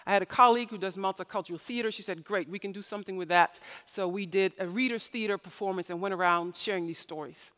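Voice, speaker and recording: Bright-voiced woman giving a keynote. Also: medium pitch, fast, hardly any pauses. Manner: expressive storytelling, acting out quoted voices. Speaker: keynote speaker. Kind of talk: conference keynote speech. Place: large conference hall. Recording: reverberant hall.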